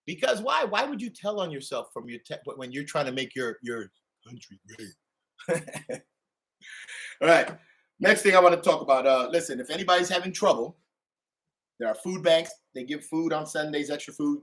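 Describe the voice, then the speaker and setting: A middle-aged man delivering a profane, ranting monologue to his channel, swinging between loud outbursts and low mutters. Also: lively intonation, moderate pace. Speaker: channel host.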